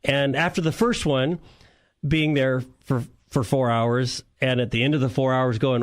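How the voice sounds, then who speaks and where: A man's voice: medium pitch, steady tone, measured pace. Rambling man telling shop stories. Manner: rambling storyteller, chuckles often. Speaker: car show co-host and mechanic. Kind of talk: casual radio chat.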